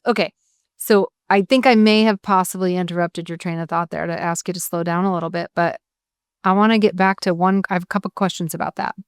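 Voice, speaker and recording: A woman's voice: lowish voice, fairly even intonation, brisk, clean tone, dry recording, clean studio sound. A woman hosting a podcast, asking questions in a playful, teasing way. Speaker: podcast host. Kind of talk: casual interview chat.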